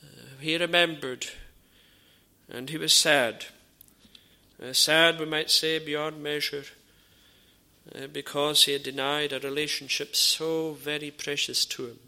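Gravelly-voiced preacher with a bright edge. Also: male voice, fairly high pitch, level tone. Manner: earnest, measured preaching with frequent "uh" pauses and repeated phrases; drops to a near whisper in dramatised dialogue. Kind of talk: sermon.

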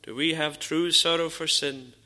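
A man preaching a sermon in an earnest, measured way, with frequent pauses and repeated phrases. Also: a little high, steady tone, sharp tone. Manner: drops to a near whisper in dramatised dialogue.

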